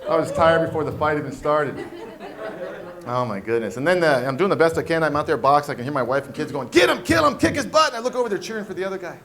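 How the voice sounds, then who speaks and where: A man doing a stand-up comedy set on a club stage, talking animatedly and jumping into loud character voices. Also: fairly high pitch, expressive, fast talker. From Washington State, US. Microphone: handheld stage mic.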